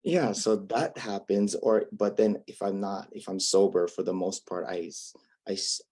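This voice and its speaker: A man's voice: fairly low pitch, fairly even intonation, normal speed, darkish tone. A man from Hawaii with a Hawaiian accent, chatting as a guest comedian in a laid-back, wry, self-mocking way. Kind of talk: casual interview chat.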